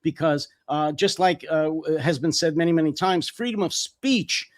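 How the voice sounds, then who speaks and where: A man's voice: a little high, normal speed. An American man hosting a political talk show, speaking indignantly and emphatically with some hesitations. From United States. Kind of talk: political commentary chat.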